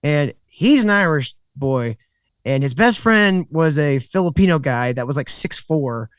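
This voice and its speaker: Male guest co-host, sarcastic, quick asides, dry close mic. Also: on the high side, animated, a bit bright, dry recording. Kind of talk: casual podcast chat.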